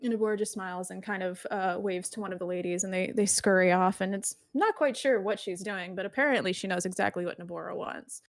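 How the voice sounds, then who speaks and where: A woman's voice: mid-range voice, fast, hardly any pauses. A woman narrating a tabletop game as game master, descriptive and easygoing.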